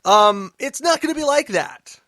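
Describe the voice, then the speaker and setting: A man hosting a political commentary podcast, emphatic and sarcastic, dropping to mutters and then rising loud. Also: very high-pitched, animated, normal speed, dry recording, clean studio sound. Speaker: podcast host.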